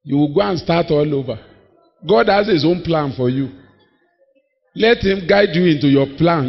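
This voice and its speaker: A man preaching a sermon, emphatic and storytelling, acting out the people in his stories. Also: high-pitched. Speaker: pastor. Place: church hall. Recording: dull audio in a long-reverb hall.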